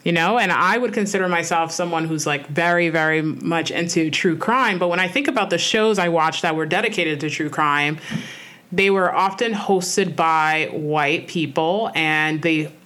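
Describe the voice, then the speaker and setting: Woman podcast cohost, lowish voice, earnest casual chat, lots of "like" and "you know". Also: normal speed, fairly bright tone. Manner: earnest, reflective, frequent "like" and "you know" fillers. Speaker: podcast co-host.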